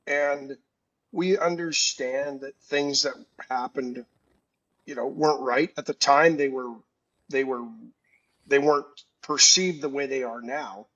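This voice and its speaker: A man's voice: medium pitch, unhurried, a bit bright. Blunt co-host man on a muffled mic. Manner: blunt, emphatic, repeats words when starting. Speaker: talk show co-host. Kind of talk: casual political call-in talk.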